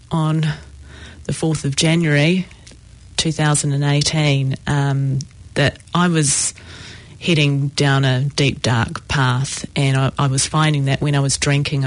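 Woman, halting. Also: low voice, dry recording. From New Zealand. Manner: reflective, halting, many ums. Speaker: recovering alcoholic sharing her story. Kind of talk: personal testimony.

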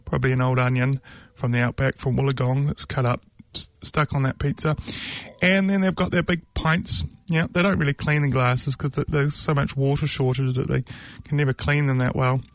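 A New Zealand man rambles through a casual opinion monologue, joking and mocking as he goes, with plenty of ums and filler words. His voice is medium-pitched and steady, at a normal speed, with no echo.

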